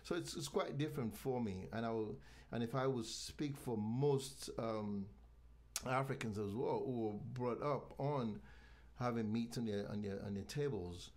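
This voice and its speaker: A man from Nigeria, a guest in a casual interview, talking in a halting way with frequent restarts. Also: medium pitch, darkish tone. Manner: halting, many restarts, promotional. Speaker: guest, venue owner.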